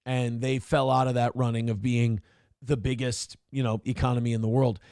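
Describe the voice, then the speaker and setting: A man hosting a morning show, giving blunt, profane, animated commentary on the news. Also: mid-range voice, normal speed, clear, resonant tone, dry recording, clean studio sound. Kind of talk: casual political commentary.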